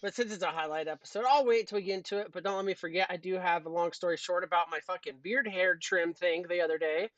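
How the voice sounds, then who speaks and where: A man's voice: high voice, fast talker, few pauses, fairly bright tone, dry recording, highs cut off. A man co-hosting a podcast in casual chat, joking and rambling. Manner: joking, rambling, puts on silly voices. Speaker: podcast co-host.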